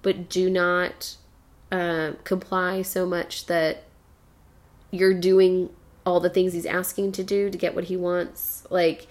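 A woman in her thirties, co-hosting a casual podcast chat, telling stories with lively energy and often laughing. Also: fairly low pitch, takes it slowly. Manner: animated storytelling, acts out her son's lines, laughs often. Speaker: podcast co-host.

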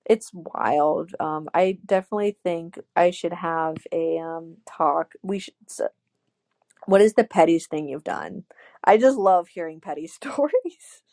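Chatty young woman with a creaky voice. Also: lowish voice, unhurried, no echo. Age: 20s. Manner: animated storyteller, acts out quotes, many "like"s. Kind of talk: casual chat, telling a personal story.

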